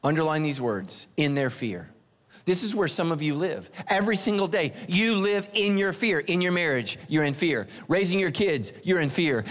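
Man, middle-aged pastor, sermon, animated and humorous, long echoing church reverb. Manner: animated, joking, swings pitch for emphasis. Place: church sanctuary.

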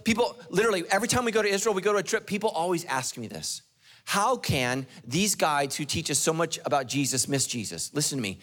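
A man preaching to his congregation in a fairly high voice. He tells the story with big dramatic swings, climbing loud and high, then dropping low and hushed. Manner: preaching to a live congregation, asking the crowd questions. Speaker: pastor. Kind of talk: sermon.

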